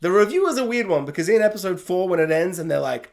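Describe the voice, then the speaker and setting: A man with a somewhat high voice talks through a TV review in a loose, chatty way. He is animated, laughs easily and fills his sentences with asides and fillers. His delivery stays casual and spoken rather than scripted. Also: quick pace, gravelly, few pauses. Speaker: YouTube TV reviewer.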